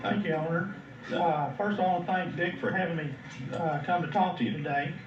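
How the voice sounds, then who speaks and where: A man's voice: a little high, steady tone. Texan man lecturing in an echoey hall. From Texas. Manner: plain, measured, frequent "uh" fillers. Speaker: seminar speaker. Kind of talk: lecture to an audience. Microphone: room microphone at a distance. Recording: dull, roomy old video recording from far off.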